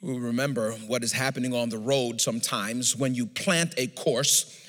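A man's voice: mid-range voice, moderate pace, fairly bright tone. A male pastor delivering a sermon in a church, emphatic and sing-song, drawing out his phrases. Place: church sanctuary. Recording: long reverb of a large hall.

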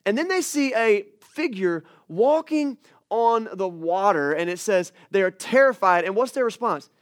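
A young male pastor preaching with a high, light voice and a casual, storytelling manner. He acts out little scenes and screams as he goes. The sound is dry and close. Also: lively intonation, measured pace, no room sound. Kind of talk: sermon.

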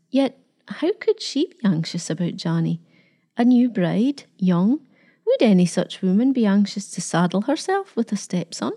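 Female storybook narrator, calm and measured, with a warm, dark tone. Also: mid-range voice. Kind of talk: storybook reading.

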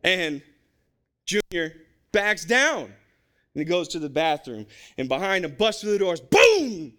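Animated high-voiced male preacher. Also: measured pace. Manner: animated, conversational, jokey. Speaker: pastor and basketball coach. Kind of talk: sermon.

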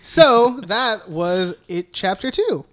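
A man's voice: high voice, sing-song, slow, a bit bright. Brief: male podcast co-host, blunt and profane, casual film banter with frequent laughs. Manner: blunt, swears freely, laughs often.

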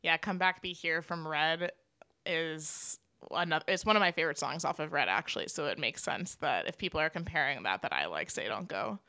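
Low-pitched and brisk, the young woman co-hosting the podcast chats enthusiastically and expressively as a fan. The recording is dry, with clean studio sound.

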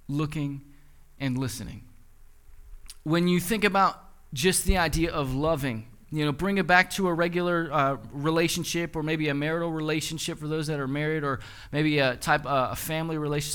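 A man's voice: on the high side, pushed and bright, clear, resonant tone. A young man in his twenties, a pastor preaching a sermon and telling a story with quoted dialogue. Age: 20s.

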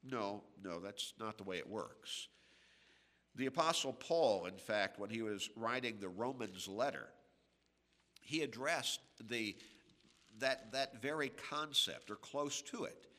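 A man preaching a radio sermon, slow and emphatic, with dramatic pauses between phrases. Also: on the low side, lively intonation, pushed and bright, in a large hall.

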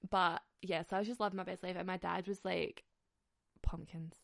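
A woman's voice: fairly low pitch, flat delivery, a little fast, creaky, a bit bright, dry recording, studio quality. A woman, hosting a podcast and ranting in a casual, comic monologue, often giggling and swearing. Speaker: podcast host.

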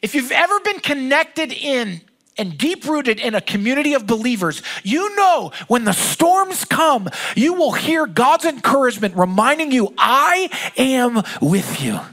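Bright-voiced man preaching casually. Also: very high voice, big pitch swings, moderate pace. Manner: conversational, joking storyteller. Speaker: pastor. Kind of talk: sermon.

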